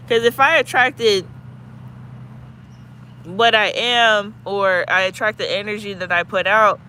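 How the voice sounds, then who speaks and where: A man's voice: high-pitched, sharp tone, slight background noise. A man hosting his own channel, talking in a loose, musing way with lots of "like" fillers. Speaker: channel host. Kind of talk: casual reflective chat.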